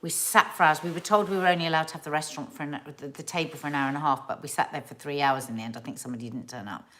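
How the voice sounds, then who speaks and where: Woman, middle-aged, from england, live-stream host, rambling casual chat, slightly low voice. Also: steady tone, rapid-fire, a bit bright. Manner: chatty, rambling, with restarts and asides.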